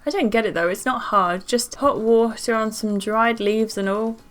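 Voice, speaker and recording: A woman's voice: on the high side, moderate pace, a bit bright, faint music behind, natural voice. A woman reading the lines of a friendly, easygoing young man from a dating game, without doing his accent. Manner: casual friendly read-aloud, no accent attempted. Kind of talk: reading game dialogue aloud.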